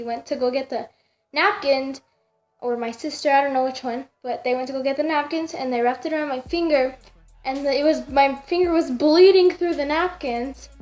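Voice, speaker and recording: A woman's voice: sits high, darkish tone. A young woman vlogger telling a story in a casual, rambling way, with many fillers and restarts.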